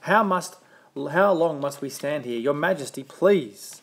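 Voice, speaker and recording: Guy doing a little turtle begging, groany and weary, higher voice, storybook. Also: animated, measured pace, a bit bright, slight background noise. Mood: pleading. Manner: pleading, groaning. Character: plain little male turtle, weary and pleading.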